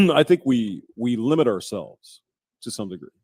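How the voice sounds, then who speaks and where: A man's voice: mid-range voice, sing-song, measured pace, dark tone, slightly rough, no room sound. A man hosting a casual panel chat, joking and teasing the guests and laughing often.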